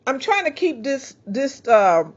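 A woman's voice: sits high, big pitch swings, breathy edge. A woman preaching a fervent sermon into a handheld microphone, breaking into praise and stumbling for words. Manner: fervent, praising, halting at times. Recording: slightly dull lo-fi sound.

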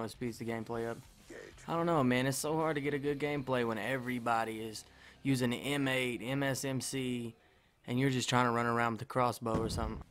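A man giving excitable gameplay commentary, cursing and talking to himself as he plays. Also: mid-range voice. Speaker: gamer making a trolling video.

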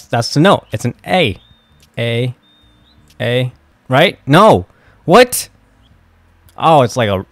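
A young man casually commenting while playing a game, flustered and excitable, often exclaiming and swearing. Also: medium pitch, no room sound. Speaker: gaming video host.

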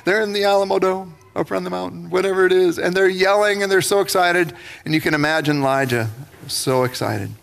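Man, pastor preaching, animated storyteller, higher voice, long church reverb. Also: brisk, gravelly. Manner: animated storytelling, acting out biblical figures. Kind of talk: sermon. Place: church sanctuary.

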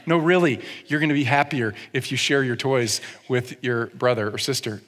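This male pastor speaks at medium pitch, expressive and fairly quick with a bit of brightness, giving a chatty sermon laced with humorous asides. He often checks in with the congregation, and the church hall adds long reverb.

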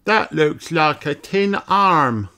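A man voicing a proud boy elf who talks in a high, sure way, for a storybook read-aloud. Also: expressive, takes it slowly, full character voice. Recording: loud background noise.

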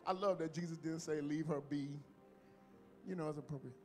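A man preaching a sermon to his congregation. He leads call-and-response, jokes with the crowd, and reads scripture loudly and dramatically. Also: fairly even intonation, a little fast, soft background music. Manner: booming dramatic scripture reading. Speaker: pastor. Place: church sanctuary.

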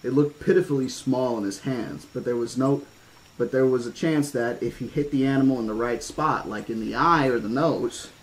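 A man's voice: medium pitch, fairly even intonation, moderate pace, low-quality recording. A man reading a horror-themed novel aloud, stopping now and then for casual asides and restarts. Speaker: audiobook reader.

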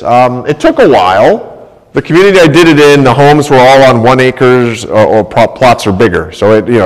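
Man preaching with long church reverb. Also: medium pitch. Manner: conversational storytelling with rhetorical "right?". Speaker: pastor. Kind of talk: sermon. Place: church sanctuary.

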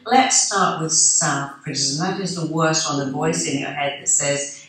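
A woman's voice: low-pitched, moderate pace, a bit bright. A woman giving an earnest, encouraging motivational talk, acting out the voices she quotes. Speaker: motivational speaker. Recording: echoey room, distant mic.

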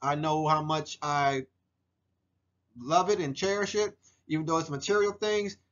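A man in his forties talks through a slideshow of personal photos for a class. His voice sits a little high for a man, and he speaks earnestly, with plenty of ums and restarts. The recording is dull and lo-fi. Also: measured pace, a bit bright. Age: 40s. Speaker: student presenter. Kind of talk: narrated photo slideshow presentation.

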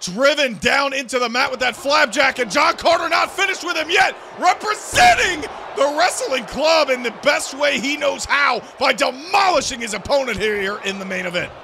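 Man, commentator, shouting calls, very high voice, soft music behind. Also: lively intonation, normal speed, creaky, hardly any pauses, background noise. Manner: loud, shouting calls of the action. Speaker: play-by-play commentator. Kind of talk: excited wrestling game commentary.

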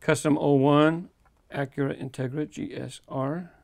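A man with a fairly high, gravelly voice talks casually through an unboxing, easygoing and chatty. His voice sounds close and dry, with no room around it. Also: level tone, a little slow, no echo. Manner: chatty, easygoing, chuckles between remarks. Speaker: toy car collector host.

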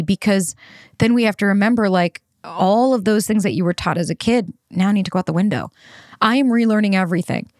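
A woman's voice: medium pitch, a little mellow, no echo, clean studio sound. A woman hosting a podcast, talking in a candid, conversational way in a casual monologue. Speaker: podcast host.

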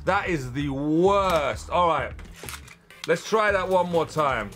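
A young man, chatting casually and exclaiming loudly as he unboxes and tests spinning-top toys. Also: a little high, takes it slowly, soft background music. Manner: excitable, chatty, exclaims loudly at toy battles. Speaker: toy reviewer. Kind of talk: casual unboxing and testing commentary.

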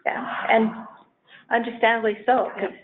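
A woman's voice: a little high, flat delivery, unhurried. Woman speaking in an echoey meeting room. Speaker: committee member. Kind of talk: meeting discussion. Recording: echoey room, phone-like, faint noise.

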